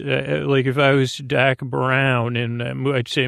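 A man hosting a bedtime podcast, rambling through a meandering intro in a soft, drowsy, creaky voice. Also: mid-range voice, level tone, a little slow, few pauses, dry recording, studio quality. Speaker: podcast host.

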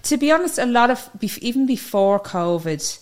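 A woman's voice: on the high side, big pitch swings, moderate pace. A woman with an Irish accent, a funeral director chatting as a podcast guest, telling her story in a loose, talkative way and laughing easily. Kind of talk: casual chat.

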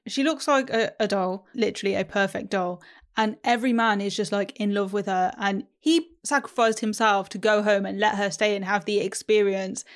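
Blunt woman co-host with strong opinions, relaxed chat. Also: medium pitch, normal speed. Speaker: podcast co-host. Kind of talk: casual chat.

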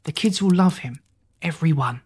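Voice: medium pitch, expressive, fairly quick, darkish tone, husky. A reader voicing a once-strict headmistress who now speaks cheerfully and approvingly.

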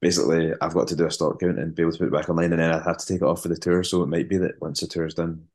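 A man, a band musician, chatting as an interview guest, halting and repeating words with many fillers. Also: low-pitched, little pitch movement, darkish tone. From West African heritage. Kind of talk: casual interview chat.

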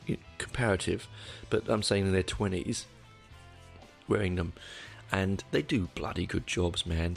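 Low gravelly man, rambling podcast. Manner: rambling, self-correcting and candid, with dry asides. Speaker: podcast host. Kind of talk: casual solo podcast monologue.

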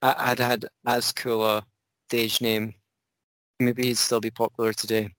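A podcast host reads a text aloud and chats about philosophy readings in a playful, jokey way, quickly going off on tangents. His lowish voice barely moves in pitch and sounds fairly bright. The recording is dry.

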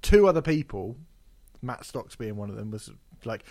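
A man hosting a podcast, telling stories in an animated, swearing, laughing way. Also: fairly low pitch, normal speed. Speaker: podcast host. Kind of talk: casual chat.

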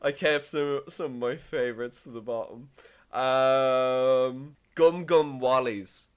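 A podcast co-host in casual, joking chat, swearing freely and drawing out deadpan punchlines. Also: medium pitch, slow, smooth.

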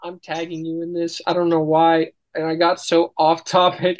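A man's voice: on the high side, monotone, normal speed, dull audio. Playful rambling man hosting a podcast. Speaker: podcast host. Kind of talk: casual chat.

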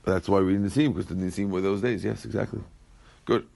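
A man's voice: fairly low pitch, steady tone, fast talker, vocal fry, no room sound. A man teaching a Talmud class who reads Aramaic lines and then explains them in plain English, often repeating his phrases. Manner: repeats phrases while working through the text.

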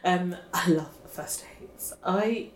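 Woman gabbing on a podcast, lowish voice, echoey room. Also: slow. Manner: gushing, chatty, fillers like "like" and "oh my God". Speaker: podcast co-host. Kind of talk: casual chat. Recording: roomy echo, faint background hiss.

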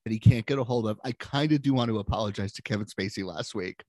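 A man's voice: on the low side, quick pace, darkish tone, no echo. Analytical male podcaster, dry close sound. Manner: analytical, confident opinions. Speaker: podcast co-host. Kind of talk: casual film discussion.

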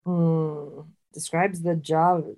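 Woman co-host, fairly low voice, chatty, restarts often, casual podcast talk. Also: flat delivery, very slow, warm tone. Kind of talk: casual chat and trivia quizzing.

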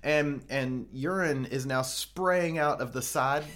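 A man's voice: medium pitch, slow, a bit bright. A man co-hosting a casual podcast, telling a rambling, crude, joking story. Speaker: podcast co-host. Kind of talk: casual chat.

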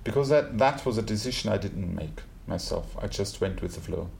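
A German classical singer with a deep, gravelly, darkish voice reflects as a guest in an interview conversation. He speaks expressively and fairly quickly but thoughtfully, searching for words with small restarts, over faint background noise.

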